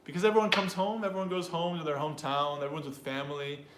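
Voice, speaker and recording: A man's voice: on the high side, little pitch movement, fast, a bit bright. Male pronunciation coach, conversational, talks to learners, echoey room with faint noise. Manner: thinks aloud with fillers and restarts, addresses learners directly. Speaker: pronunciation teacher. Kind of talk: casual teaching chat.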